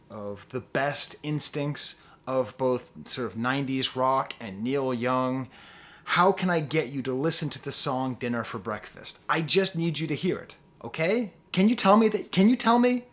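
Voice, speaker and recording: A man's voice: medium pitch, measured pace, fairly bright tone. A man giving a casual talk-to-camera album review, rambling and digressive with lots of fillers, earnest and pleading in his enthusiasm.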